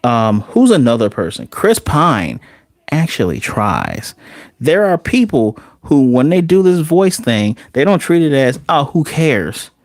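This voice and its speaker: Male movie reviewer, middle pitch, snarky and animated, dry close mic. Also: measured pace, dry recording. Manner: sarcastic, animated, swears. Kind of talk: casual ranting commentary.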